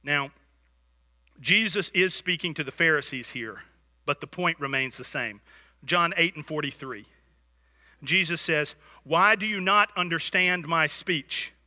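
Male pastor, fairly high, bright tone, animated sermon, church hall reverb. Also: unhurried. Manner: animated storytelling, swings from hushed to loud. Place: church sanctuary.

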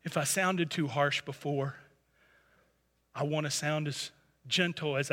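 A man's voice: a little high, fairly even intonation, unhurried, sharp tone, big-room sound. A man preaching a sermon and telling a story in an earnest, impassioned way. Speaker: pastor.

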